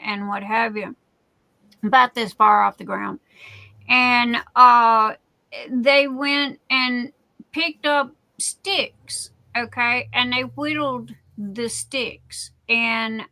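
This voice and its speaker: Slow, bright-voiced woman in her sixties. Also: fairly high pitch, no echo, low-quality recording. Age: 60s. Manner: rambling, checks in with "okay?". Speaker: livestream host. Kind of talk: casual livestream storytelling.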